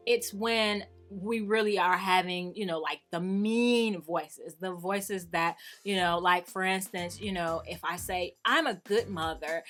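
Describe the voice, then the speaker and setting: A middle-aged woman and mother talking casually to camera as the host of her vlog, animated and at times sassy and emphatic. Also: lowish voice, a little slow, hardly any pauses, faint music behind. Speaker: YouTube creator.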